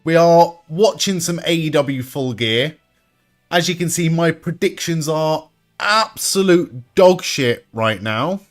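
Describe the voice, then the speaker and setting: A young man hosting a live wrestling watch-along stream, reacting excitedly, swearing freely and chatting with viewers. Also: fairly high pitch, slow pace, faint music behind. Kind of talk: live reaction commentary and chat.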